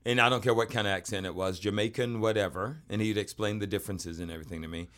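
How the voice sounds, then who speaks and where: A man hosting a casual chat, telling jokey stories in an animated way. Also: on the low side, quick pace. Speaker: host.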